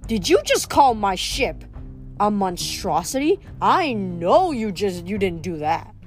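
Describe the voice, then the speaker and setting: A woman's voice: mid-range voice, big pitch swings, slow. A wisecracking teenage boy mechanic, read by a woman teases with a cheeky, easy voice. He sounds amused and casual. Faint music plays underneath. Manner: cheeky, joking.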